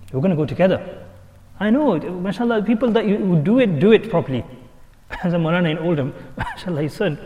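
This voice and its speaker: A man delivers an animated sermon, pressing his listeners with rhetorical questions. His voice sits fairly high for a man. Long reverb trails each phrase, as in a hall. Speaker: imam.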